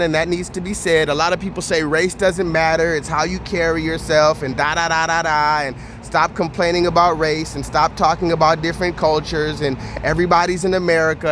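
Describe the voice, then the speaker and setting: Male vlogger with a high voice, blunt and profane, ranting with animated storytelling, light background noise. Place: Houston area.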